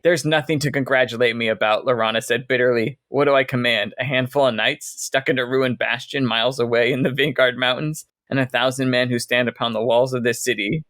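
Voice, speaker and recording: A man's voice: medium pitch, steady tone, a little fast, few pauses, a bit bright, no echo, studio quality. A man co-hosting a book podcast, summarizing chapters and reading passages aloud between casual comments. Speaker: podcast co-host.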